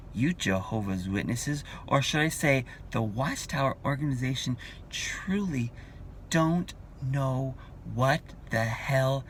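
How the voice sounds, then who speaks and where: A man in his forties delivering a combative vlog rant, hammering points home through repetition. He speaks slowly, with a bright, forward tone. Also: medium pitch, a little hiss or hum. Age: 40s. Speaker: vlogger. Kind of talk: ranting vlog monologue.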